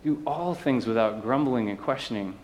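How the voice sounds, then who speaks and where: Slightly mellow and expressive, this man's medium-pitched voice moves at a normal speed over slight background noise. He's a pastor delivering a sermon to his church, chatting with listeners through asides and tag questions.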